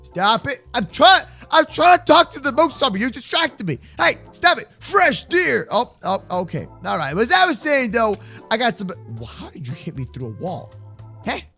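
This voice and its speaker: A man talking excitedly and loudly with lots of slang while roleplaying through a video game. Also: high voice, normal speed, breathy edge, faint music behind. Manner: excitable, loud, slangy, often exclaiming. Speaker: YouTube gamer roleplaying in Minecraft. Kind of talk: energetic gaming roleplay chat.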